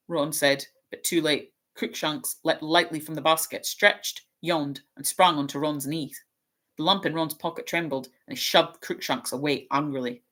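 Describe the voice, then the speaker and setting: A woman hosting her channel, reading a storybook aloud in steady narration with small slips and self-corrections. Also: low voice, moderate pace.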